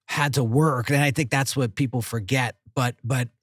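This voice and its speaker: A chatty man hosts a podcast and keeps backing up his guest. His voice sits at a middle pitch. The recording is dry and close. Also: fairly even intonation, a bit bright, no room sound. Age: 40s. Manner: chatty, affirming, quick interjections. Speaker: podcast host. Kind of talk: casual podcast interview.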